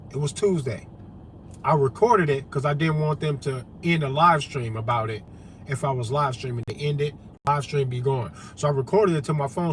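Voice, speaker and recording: A man with a notably high voice delivers a fired-up monologue to his camera. He swears freely, preaches, and drives each point home through repetition. Faint background noise sits under his voice. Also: a bit bright. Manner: profane, emphatic, preachy, repetitive. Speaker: vlogger and activist.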